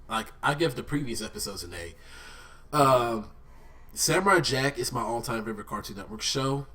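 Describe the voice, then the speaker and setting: A man with a blocked-up, stuffy nose talks through a casual fan review in a middle-pitched voice. He rambles with eager, nerdy excitement. His voice sits a little back from the microphone. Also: creaky, far from the mic. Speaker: vlogger reviewing a cartoon.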